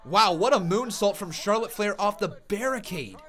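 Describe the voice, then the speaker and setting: A man with a fairly high voice hosts a live wrestling watch-along stream. He calls each move with excitable play-by-play. Between the calls he reads chat comments aloud and laughs often. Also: normal speed.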